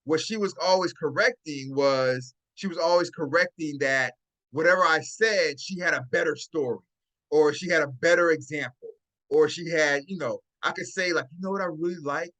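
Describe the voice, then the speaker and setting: A man with a bright, somewhat high voice hosts a casual live-stream talk on dating advice. He speaks into a phone, chatting loosely and checking in with "right?" again and again. He chuckles often along the way. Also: moderate pace. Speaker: host.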